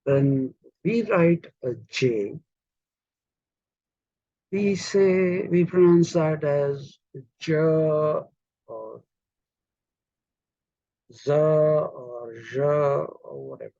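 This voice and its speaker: A man from India lecturing a class in a slow, deliberate way, spelling words out letter by letter. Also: fairly high pitch, creaky, warm tone, dry recording, highs cut off.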